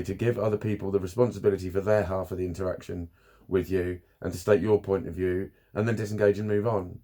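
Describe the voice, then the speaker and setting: Speaking candidly to camera about his therapy, a vlogger is blunt, swears constantly and laughs at himself now and then. His voice sits low and sounds mellow.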